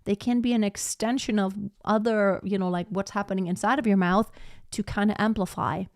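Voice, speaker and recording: A woman's voice: medium pitch, steady tone, brisk, darkish tone, dry recording, clean studio sound. A woman voice teacher giving a live singing lesson, explaining technique and breaking into short sung demonstrations.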